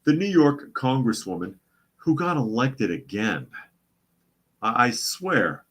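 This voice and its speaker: A man's voice: mid-range voice, very animated, slow pace, fairly bright tone, breathy edge. A man hosting a casual news commentary show, sarcastic and often repeating his phrases for emphasis. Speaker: host.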